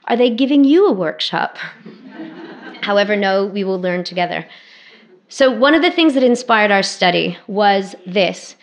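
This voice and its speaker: A woman around forty, an academic guest speaker, giving a public lecture to alumni with wry, self-deprecating humor in a brisk, conversational way. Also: mid-range voice. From Canada.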